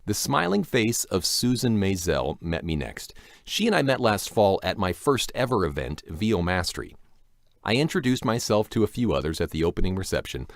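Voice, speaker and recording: Lively, self-mocking male voice actor. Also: sits low, vocal fry, no echo, studio quality. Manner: chatty and self-deprecating with rambling asides; animated, playful delivery. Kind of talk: conversational recap narration. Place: home recording setup.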